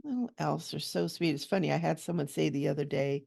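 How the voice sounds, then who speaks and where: A woman hosting a relaxed coloring tutorial, chatting gently and cooing over small details as she works. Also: low voice, fast talker, vocal fry, hardly any pauses. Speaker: coloring channel host and hypnotherapist.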